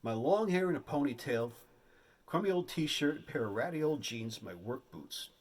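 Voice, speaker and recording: A man telling a comic story on stage, with an animated, exaggerated delivery. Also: mid-range voice, normal speed. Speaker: stand-up comedian. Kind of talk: stand-up storytelling.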